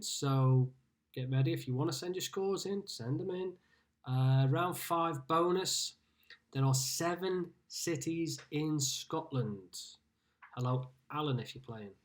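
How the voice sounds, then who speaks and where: A man's voice: a little high, a little slow. Chatty man from Liverpool hosting a quiz. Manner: chatty, greets players by name while reading scores. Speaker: quiz host. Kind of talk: casual live-streamed pub quiz hosting.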